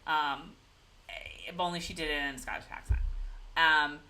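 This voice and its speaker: Lively female co-host, low-pitched but bright and animated. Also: normal speed. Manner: animated, joking, frequent "um". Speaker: podcast co-host. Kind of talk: casual recap chat.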